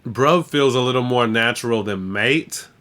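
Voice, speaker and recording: A man's voice: medium pitch, normal speed, bright, forceful tone. A man hosting a live stream, chatting casually in a slangy, laid-back way and swearing freely. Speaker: stream host and rapper.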